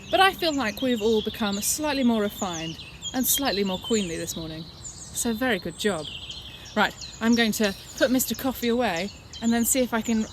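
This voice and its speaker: A woman's voice: mid-range voice, background noise. A woman leading a children's church lesson outdoors in woodland, talking to the kids in a playful, encouraging way. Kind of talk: children's activity lesson and storytelling. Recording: outdoor recording with birdsong behind.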